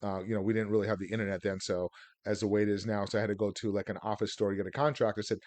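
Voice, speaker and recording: A man's voice: on the low side, flat delivery, racing, a little mellow, dry recording. A man teaching real estate deals on a video call, rambling through stories with plenty of filler words. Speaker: real estate investor teaching seller financing. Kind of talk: casual webinar talk.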